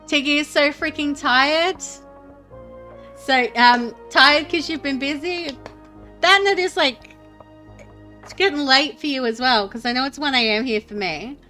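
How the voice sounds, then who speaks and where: Young woman streamer, bright, crisp voice, chatty and rambling. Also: high voice, unhurried, faint music behind. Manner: chatty, self-deprecating, rambling. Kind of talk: reading a game aloud and chatting with viewers.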